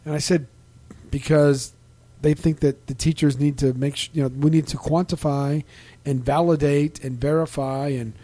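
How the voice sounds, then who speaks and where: A middle-aged man hosting a casual podcast, talking in a halting, rambling way with many restarts and fillers, livening up when he quotes other people. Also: a little high, fairly even intonation, warm tone. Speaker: podcast host. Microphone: desk microphone.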